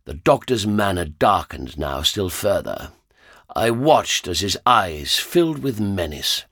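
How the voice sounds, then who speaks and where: A man reading a story aloud in first-person scripted narration, measured and wry. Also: sits low, very animated, fairly bright tone, breathy edge, no room sound, studio quality. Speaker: audiobook narrator.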